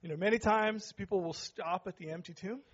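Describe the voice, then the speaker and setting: A man with a notably high voice preaches to his church, teasing the congregation one moment and shouting the next. The recording sounds dull and lo-fi, as if captured on a modest sound system. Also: fairly quick. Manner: joking with the congregation, rising to shouts. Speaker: pastor. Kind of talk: sermon. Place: church sanctuary.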